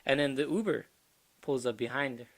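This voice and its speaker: A man's voice: mid-range voice, brisk, creaky. A man co-hosting a podcast, telling a crude comedic story in a rambling, casual way and laughing at his own jokes. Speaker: podcast co-host.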